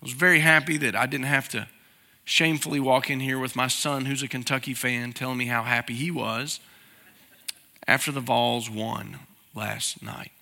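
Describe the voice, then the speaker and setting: Preacher guy, bright edgy voice, big echoey church hall. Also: mid-range voice, fairly even intonation, moderate pace, creaky. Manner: conversational, asks the congregation questions. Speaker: pastor. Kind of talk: sermon.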